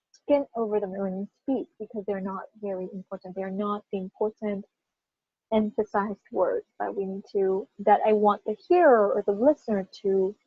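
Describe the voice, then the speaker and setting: A woman with a fairly high, slightly husky voice teaches pronunciation to a class. She stresses key words with emphasis and keeps checking in with her learners. The recording is dry and a bit muffled. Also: no echo. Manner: animated, emphatic, checks in with "right?" often. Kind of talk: classroom lesson.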